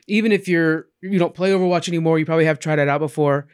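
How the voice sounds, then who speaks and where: A man's voice: fairly high pitch, fairly even intonation, rapid-fire, smooth. A man co-hosting a casual gaming chat, laid-back and slangy, explaining things to listeners. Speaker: podcast co-host.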